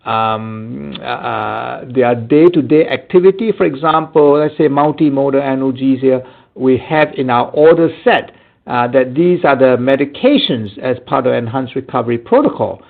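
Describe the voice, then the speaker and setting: Gravelly-voiced doctor on a tinny line. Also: male voice, medium pitch. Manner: explanatory, halting with frequent fillers. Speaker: physician webinar presenter. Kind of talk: answering audience questions in a webinar. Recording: tinny phone-like audio line.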